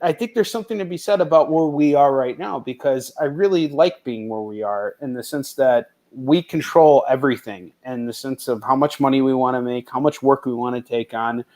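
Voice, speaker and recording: A man's voice: medium pitch, brisk, few pauses, a little mellow. A man hosting a casual interview, talking animatedly, laughing easily and repeating words as he starts sentences. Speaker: podcast host.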